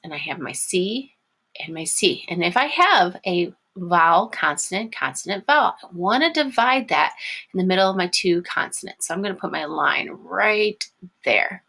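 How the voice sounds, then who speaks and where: Woman teacher for a kids' remote phonics class: low, slightly husky voice, patient, encouraging, stretches words out sound by sound. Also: fairly bright tone. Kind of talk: online phonics lesson for young children.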